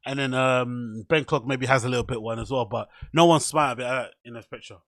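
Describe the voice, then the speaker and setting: A man's voice: mid-range voice, fairly even intonation, brisk, a bit bright, dry recording, studio quality. A man hosting a solo podcast, chatting casually in a joking, self-mocking way. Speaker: podcast host.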